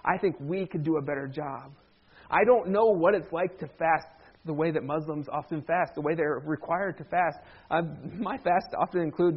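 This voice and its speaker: Pastor guy giving a sermon, chatty w little jokes, kinda high voice, bit muffled audio. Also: moderate pace, slightly rough. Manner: conversational, with humorous asides.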